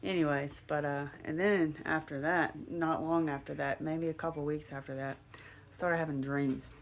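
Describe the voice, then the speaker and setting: A woman's voice: low-pitched, steady tone, normal speed, slight background noise. A woman casually telling a personal story in a rambling way, full of fillers and restarts.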